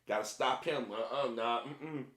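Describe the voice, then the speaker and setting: A man's voice: medium pitch, measured pace, fairly bright tone. A man giving casual commentary to his viewers, emphatic and repetitive, often restarting his sentences. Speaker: commentary vlogger. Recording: roomy echo.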